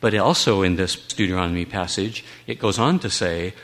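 An American man gives a Bible teaching talk in a fairly low, slightly bright voice at a moderate pace. He makes his points earnestly and emphatically, occasionally adding a wry aside.

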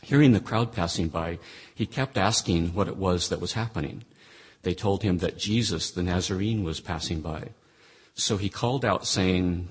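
A man's voice: sits low, moderate pace, breathy edge. A man teaching through Bible passages, reading scripture aloud and then explaining it, with frequent restarts.

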